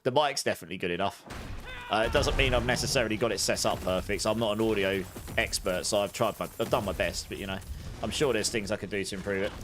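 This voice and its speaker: A man streaming a game and chatting with live viewers, talking loudly with audible breaths between sentences into a high-gain desk mic. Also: quick pace, over music. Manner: rambling, self-correcting chatter. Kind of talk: casual chat with live viewers. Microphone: desk studio mic with high gain. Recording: clear background noise.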